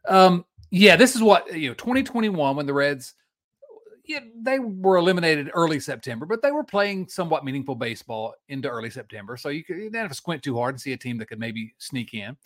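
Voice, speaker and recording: Here a podcast co-host, his voice on the high side and his delivery a little fast, rants energetically through casual sports talk while often stopping and restarting what he says.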